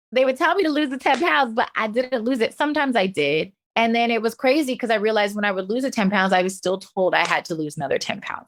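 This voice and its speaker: A woman, a professional dancer, talking as a guest in a casual interview, animated, laughing often and acting out what people said to her. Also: mid-range voice. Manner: animated, laughs often, acts out quoted voices.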